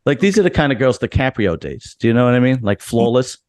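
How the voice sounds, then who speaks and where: A man's voice: mid-range voice, animated, fast, darkish tone, no echo, clean studio sound. A man hosting a casual podcast, joking and swearing, with lots of restarts. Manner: loose, swearing, jokey, frequent restarts. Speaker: podcast host. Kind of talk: casual locker room chat.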